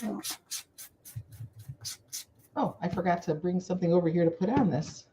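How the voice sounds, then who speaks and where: A woman's voice: fairly low pitch, moderate pace, mellow. A woman co-hosting a casual crafting livestream over a video call, reacting cheerfully while she glues down her craft. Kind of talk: casual chat. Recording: slightly muffled lo-fi line with faint hiss.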